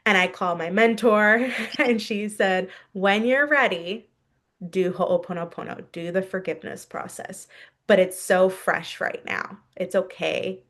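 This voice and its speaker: A woman's voice: medium pitch, steady tone, measured pace, a bit bright. A woman in her thirties, a podcast guest, telling a personal story candidly and laughing now and then.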